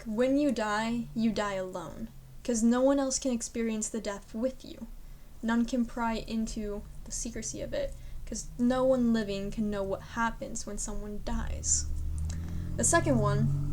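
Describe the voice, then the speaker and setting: Young woman student reading and explaining poems. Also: on the high side. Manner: informal, hedging with many fillers; self-deprecating asides. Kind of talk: poetry reading and casual explanation.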